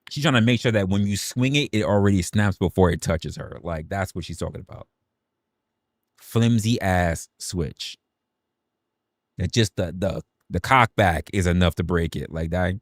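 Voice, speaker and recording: A young New man who rants animatedly on a livestream, repeating his lines and joking along the way. His voice sits a bit low and sounds dry and close, with no room around it. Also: brisk, few pauses, dry recording. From New York City. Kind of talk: casual livestream rant.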